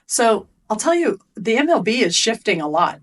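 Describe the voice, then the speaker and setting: A woman's voice: fairly high pitch, very animated, moderate pace, slight background noise. A middle-aged woman, a performance coach being interviewed on a podcast, telling stories in an emphatic, earnest way. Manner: emphatic, storytelling.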